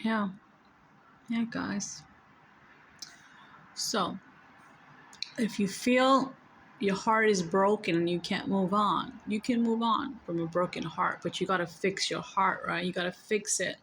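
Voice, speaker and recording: A woman's voice: mid-range voice, takes it slowly, pauses often, fairly bright tone, a little hiss or hum. A woman with a New York accent tells a spiritual story to her viewers in a casual, emphatic, blunt way, cursing freely and repeating her points.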